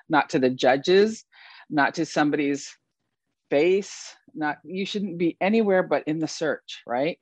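A man as an interview guest, talking about his work as an event photographer in a casual, animated way and laughing often. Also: fairly high pitch, no room sound, highs cut off.

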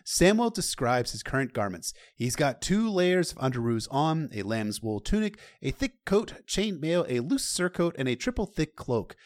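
This man's voice is fairly high and swings widely in pitch as he moves along at a moderate pace, barely pausing. Casually recounting a chapter from a novel, he throws in asides to whoever's listening and lets some profanity slip.

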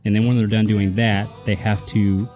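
A man's voice: lowish voice, flat delivery, normal speed, a little mellow, soft background music. A man teaching a Bible lesson in a casual, emphatic way, often checking in with his listener. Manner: conversational, emphatic, checks in with "right?".

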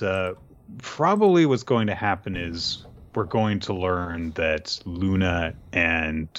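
A man co-hosting a casual chat about comics, relaxed and speculative. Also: low voice, muffled recording, slight background noise. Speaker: podcast co-host. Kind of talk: casual manga discussion.

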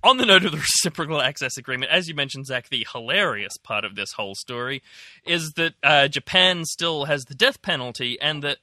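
A man's voice: a little high, animated, brisk, bright, forceful tone, no room sound, clean studio sound. A young man co-hosting a casual news podcast, rambling with lots of "like" and a wry tone. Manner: rambling, many likes, wry. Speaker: podcast co-host.

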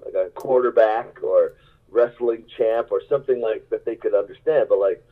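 A man's voice: on the low side, moderate pace. A male musician telling rambling, self-mocking stories in a casual interview, laughing often, over a tinny phone-like line. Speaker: musician guest.

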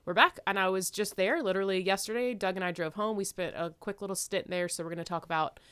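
A bubbly woman co-hosting a casual podcast. Her mid-pitched voice is smooth and clear, and she tells stories upbeat and quick. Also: a bit bright. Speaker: podcast co-host. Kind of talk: casual chat.

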